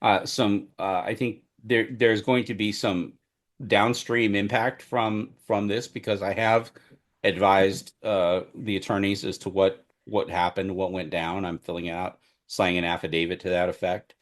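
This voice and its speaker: A man speaking a little slowly tells animated stories on a casual podcast he co-hosts, all about covering a trial as a member of the media. His voice rises to a loud boom when he's excited.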